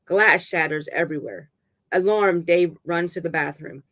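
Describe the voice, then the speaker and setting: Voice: medium pitch, sharp tone. A reader narrating a dramatic novel aloud, stumbling and restarting words now and then. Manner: halting reading with restarts and stumbles.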